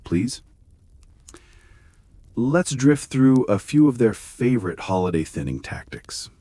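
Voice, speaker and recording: A man reading a scripted bedtime history story with wry, gently sarcastic humor. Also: medium pitch, sing-song, normal speed, no echo. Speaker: narrator.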